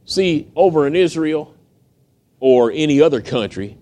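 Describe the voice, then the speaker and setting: With a fairly high, mellow and expressive voice at a measured pace, a man from the United States gives a storytelling sermon. He recounts the story in a homey, conversational style, performing the quoted lines.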